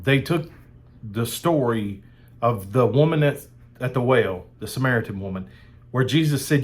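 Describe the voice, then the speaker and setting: A man's voice: medium pitch, lively intonation, normal speed. A man preaching a sermon in a fired-up, emphatic way, repeating phrases for emphasis.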